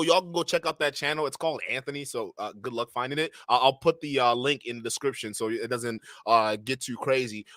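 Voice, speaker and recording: A man's voice: fairly high pitch, sharp tone, dry recording, studio quality. A man hosting casual reaction commentary, chatting directly to his viewers. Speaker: commentary channel host.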